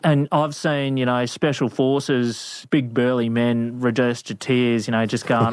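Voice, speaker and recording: A man, a veterinarian being interviewed, telling adventure stories in a casual, animated way with lots of laughs and fillers. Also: medium pitch, unhurried, few pauses, clear, resonant tone, no echo. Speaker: guest, veterinarian. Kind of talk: storytelling interview. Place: studio.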